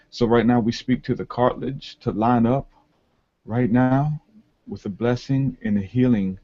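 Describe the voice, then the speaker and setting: A man's voice: mid-range voice, dark tone, dull audio. A man hosting a faith podcast, speaking earnestly and leading a healing prayer with repeated declarations. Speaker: podcast host and prayer minister.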